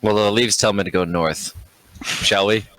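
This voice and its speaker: A man's voice: on the low side, fairly even intonation, moderate pace, fairly bright tone, no room sound, low-quality recording. A man playing a tabletop game, joking in a dry way. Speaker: player. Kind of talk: casual tabletop play.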